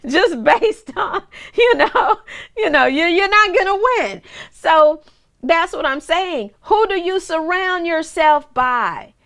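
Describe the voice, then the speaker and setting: A woman minister in her forties delivers a chatty, down-to-earth teaching sermon in a high voice. She circles back on her words, restarts phrases, and tosses playful asides to the person behind the camera. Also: expressive, slow, a bit bright. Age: 40s. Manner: repeats words and restarts often.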